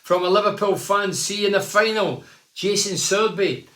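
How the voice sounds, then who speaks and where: A man in his sixties with a slightly high voice, chatting casually as a phone-in host. He reads out fans' messages and drifts into long stories. The room is echoey. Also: moderate pace, sharp tone. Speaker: phone-in show host and former footballer.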